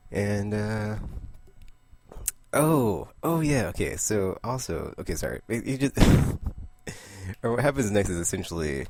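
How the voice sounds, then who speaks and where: A man casually recapping a comic book issue, rambling, laughing often and slipping into quick character voices. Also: lowish voice, sing-song, a little mellow, dry recording. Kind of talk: casual comic review monologue.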